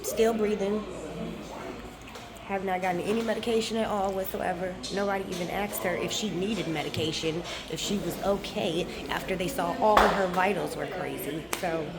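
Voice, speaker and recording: A woman's voice: lowish voice, steady tone, moderate pace, very noisy. A woman vlogger ranting angrily in a hospital emergency waiting room, cursing and venting, recorded on a phone. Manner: furious, profane, venting. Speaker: travel vlogger. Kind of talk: angry vlog rant.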